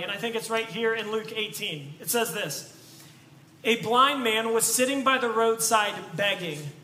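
A man's voice: very high voice, pushed and bright. A man preaching a sermon as pastor, in a conversational, storytelling way with rhetorical questions. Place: church sanctuary. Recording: echoey church room with faint noise.

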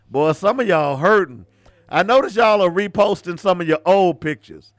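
Radio host, man, preachy and mocking, fairly high voice, dry close mic. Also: lively intonation, normal speed, dry recording. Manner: preachy, ranting, mocking, switches between loud rants and low asides. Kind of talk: casual radio commentary.

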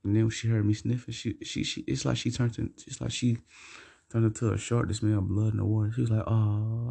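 A man's voice: lowish voice, creaky, dark tone, husky. A young man casually telling a rambling, slangy, profane personal story for his vlog.

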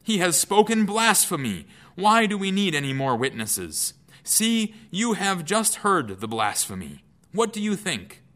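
A man reading scripture aloud, voicing an indignant male high priest with loud, accusing, high-pitched outbursts. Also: very animated, unhurried, full character voice. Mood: outraged.

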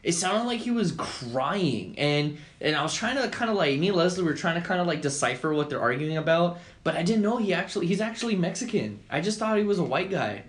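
A young man co-hosting a podcast, swearing freely and telling animated stories in casual chat. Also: on the high side, fairly quick, few pauses. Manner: profane, animated storytelling. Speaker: podcast co-host.

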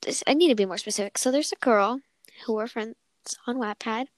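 A young woman with a slightly high voice co-hosts a casual podcast chat, speaking briskly, giggling, rambling, and often cutting herself off mid-sentence. The recording is low-quality with no room sound.

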